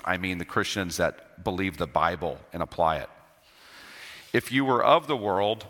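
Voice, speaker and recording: In a church sanctuary, a male pastor delivers a sermon in a lower pitch with a bright, forceful edge. He drives home key phrases through repetition and drops from loud to quiet for emphasis, his words fading into the hall's long reverb.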